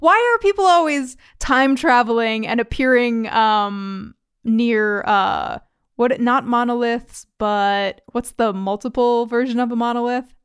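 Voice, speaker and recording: A woman's voice: on the high side, a little slow, smooth, no room sound, studio quality. A woman, co-hosting a podcast and teasing her co-host through rambling, playful asides. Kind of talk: casual chat recapping a TV episode.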